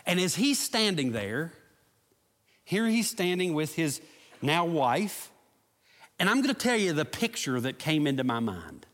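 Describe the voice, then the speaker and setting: Middle-aged pastor guy, kinda high voice, telling stories then praying earnestly, long reverb in the church. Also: a bit bright. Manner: storytelling, earnest, prayerful. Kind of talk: sermon and prayer.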